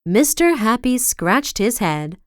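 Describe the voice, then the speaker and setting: Slow, expressive woman storyteller. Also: a little high, background noise. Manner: slow, expressive reading with big swings for effect. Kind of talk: children's storybook read-aloud.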